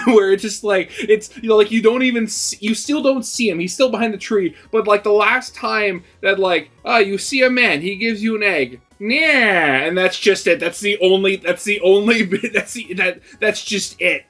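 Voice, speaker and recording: A man in casual chat, relaxed and hesitant, trailing through his thoughts. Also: sits high, normal speed, few pauses, faint music behind.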